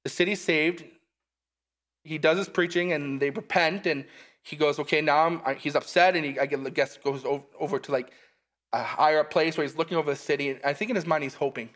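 A man with a high voice preaching in a relaxed, conversational way. He reads the scripture aloud, then stops to explain it in everyday terms, with a few asides. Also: brisk. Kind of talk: casual sermon reading scripture.

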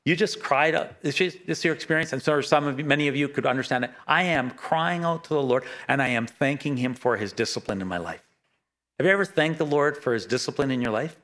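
A middle-aged man preaches with earnest feeling. His delivery is halting and full of restarts as he works through his thoughts. His voice sits at an ordinary middle pitch. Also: fairly bright tone. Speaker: pastor. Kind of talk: sermon.

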